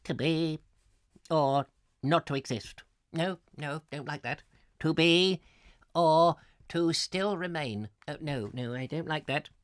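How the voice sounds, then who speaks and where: A man's voice: on the high side, slow, clean tone. A man voicing Shakespeare fussily muttering and rejecting his own drafts. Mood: fussy. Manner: fussy, self-dismissing muttering.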